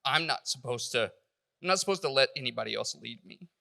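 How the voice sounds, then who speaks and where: A man giving a personal church testimony, halting and emotional, stumbling over his words. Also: medium pitch, lively intonation, gravelly, sharp tone, big-room sound.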